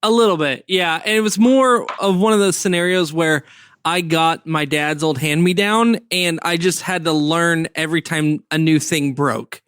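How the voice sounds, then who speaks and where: A man with a high, smooth and clear voice, recorded dry and close. He chats easily on a podcast, recounting his experiences and voicing little quoted asides. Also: normal speed, fairly bright tone, dry recording. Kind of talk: casual podcast chat.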